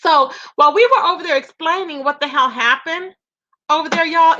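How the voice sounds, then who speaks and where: A woman hosts a casual livestream of gossip commentary on online drama, her high voice pushed and bright at a normal speed, though the audio is dull. Chatty and free-flowing, she greets viewers by name and calls them "baby" and "y'all."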